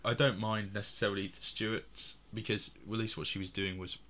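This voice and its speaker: A lower-pitched man from England with a bright, forceful tone. He talks casually about films, rambling and restarting as he goes. He laughs often between points. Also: little pitch movement, moderate pace. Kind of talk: casual film discussion.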